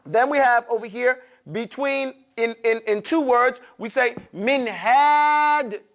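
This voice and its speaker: Brief: very high-voiced male teacher, drills a class in a classroom, keeps asking if they follow. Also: fairly even intonation, a little slow, a bit bright. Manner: drills pronunciation, checks in with "okay?". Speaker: Quran recitation teacher. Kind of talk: classroom lesson.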